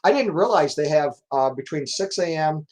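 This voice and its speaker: A man's voice: on the high side, animated, normal speed, darkish tone. A man in casual chat on a poker stream, rambling with many restarts.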